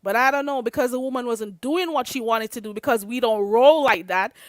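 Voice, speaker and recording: A young woman with a Jamaican accent rants at her livestream chat, confrontational and cutting, and slips into patois as she pushes her point. Her voice sits a bit high, and the sound is dry and close with no room around it. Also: brisk, no echo. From Caribbean.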